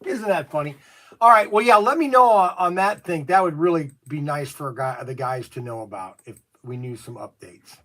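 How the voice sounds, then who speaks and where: Man, livestream host, chatty, jokey, rambling, fairly high voice. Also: lively intonation, moderate pace, fairly bright tone. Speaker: toy shop owner on a livestream. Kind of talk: casual livestream with phone call.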